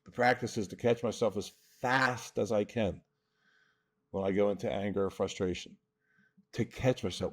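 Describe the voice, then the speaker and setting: A man's voice: lowish voice, steady tone, normal speed. A man, a mental toughness coach, explains his ideas in an interview in an earnest, emphatic way. He often checks in with "right?". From New Jersey.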